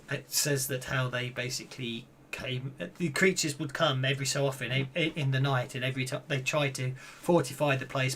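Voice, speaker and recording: A man wrapping up a tabletop game session as game master, talking in halting bursts full of fillers and restarts. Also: medium pitch, a bit bright.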